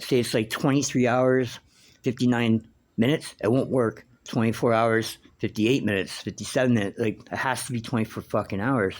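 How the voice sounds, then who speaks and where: A man's voice: mid-range voice, a little mellow. A man talking in a rambling, casual monologue, swearing freely and wandering between thoughts with lots of fillers. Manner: rambling, profane, meandering with many fillers. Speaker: vlogger.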